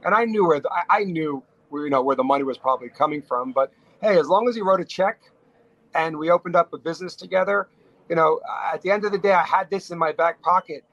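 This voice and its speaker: A middle-aged man from New York, a restaurateur telling stories as a podcast guest, talking in quick bursts with frequent restarts. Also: a little high, dry recording, lo-fi sound. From New York, USA. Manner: animated storyteller, talks fast in bursts with frequent restarts. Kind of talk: casual storytelling interview.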